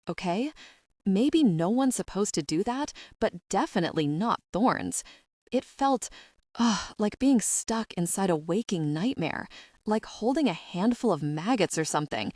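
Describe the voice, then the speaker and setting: A woman voicing a sweet-voiced young witch, a gentle healer who is reluctant and shaken while chanting a curse. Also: mid-range voice, expressive, a little slow, dry recording, clean studio sound.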